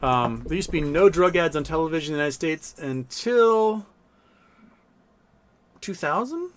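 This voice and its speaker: A man's voice: a little high, expressive, moderate pace. Blunt, profane male live-stream host. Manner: reads viewer chat messages aloud. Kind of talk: casual live stream chat.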